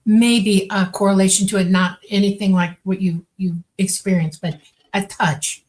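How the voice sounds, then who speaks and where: A woman's voice: medium pitch, steady tone, moderate pace, rough recording. A woman co-hosting a casual interview, explaining earnestly and checking in with "okay".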